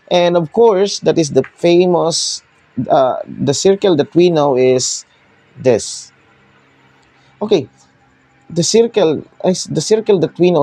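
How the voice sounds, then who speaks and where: A young man with a Filipino accent teaching a math lesson, explaining step by step with pauses as he switches between languages. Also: a little high, warm tone, slightly rough, no room sound.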